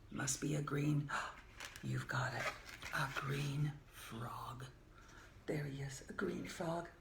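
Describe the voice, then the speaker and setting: An older woman reading a picture book aloud to young children, gentle and playful, often dropping to a soft whisper. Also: low-pitched, gravelly. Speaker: children's storyteller. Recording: echoey room with faint hiss.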